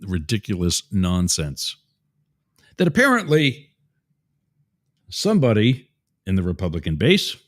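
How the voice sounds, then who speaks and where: A man's voice: on the low side, huge pitch swings, a little slow, pauses often. A man hosting a show, giving opinionated political commentary in a rambling, digressive way with asides to his listeners. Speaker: show host.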